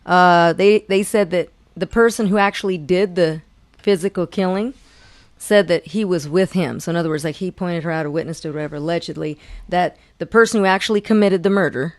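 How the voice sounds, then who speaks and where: A woman's voice: fairly low pitch, a little fast, no room sound. A woman co-hosting a talk show, recapping news stories in a chatty way with many fillers. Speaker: co-host.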